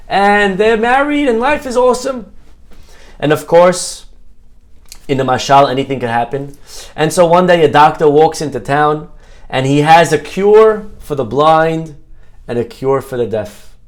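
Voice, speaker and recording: Animated rabbi telling a parable. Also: male voice, fairly high pitch. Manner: animated, jokey storyteller. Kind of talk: storytelling Torah talk.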